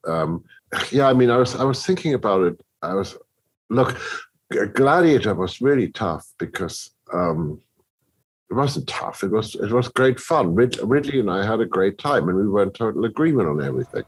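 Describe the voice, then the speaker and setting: Husky, animated composer talking shop. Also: male voice, on the low side, moderate pace. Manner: animated storyteller, many restarts, acts out others' reactions. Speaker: film composer, guest. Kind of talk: conversational podcast interview.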